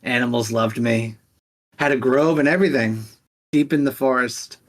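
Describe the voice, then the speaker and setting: A man's voice: mid-range voice, normal speed, natural voice. A man voicing a lonely, eccentric old male forest hermit in a tabletop game, friendly and self-pitying. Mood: wistful. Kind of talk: tabletop game role-play.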